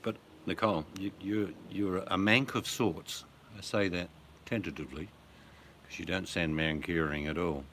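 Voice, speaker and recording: A man's voice: sits low, steady tone, normal speed, a bit bright, a little hiss or hum. A man with an Australian accent hosting a livestream, chatting and joking with viewers. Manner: joking, chatty, breaks into song. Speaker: livestream host. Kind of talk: casual chat with viewers.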